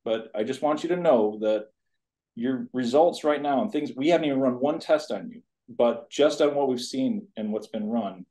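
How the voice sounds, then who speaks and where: This is a college tennis coach in his fifties, speaking in a medium-pitched, dark voice. Interviewed for a podcast, he tells a personal story in an earnest, meandering way full of asides.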